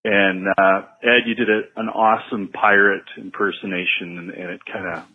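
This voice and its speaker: Canadian man, laid-back, crude storyteller, low pitch, muffled voicemail sound. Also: flat delivery, normal speed, slightly rough. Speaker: voicemail caller. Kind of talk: recorded voicemail, telling a joke.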